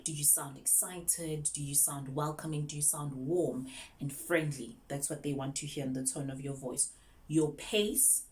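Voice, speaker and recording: A woman's voice: low-pitched, moderate pace, a little mellow. A young South African woman, an online English teacher, chatting casually through tips and mixing English with Zulu.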